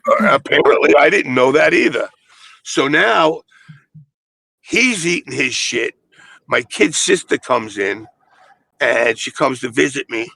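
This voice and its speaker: A man's voice: medium pitch, lively intonation, measured pace, vocal fry, long pauses, bright, forceful tone, husky, no echo, poor audio. An older man telling long, profane stories in casual chat. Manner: profane, rambling storyteller.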